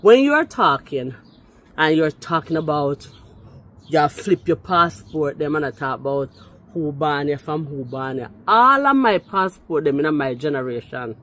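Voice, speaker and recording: A middle-aged speaker from Jamaica with a Jamaican accent, delivering a heated response rant, emphatic and indignant, slipping into patois and jumping up in pitch on every rebuttal. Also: lively intonation, measured pace, a bit bright. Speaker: vlogger responding to another video.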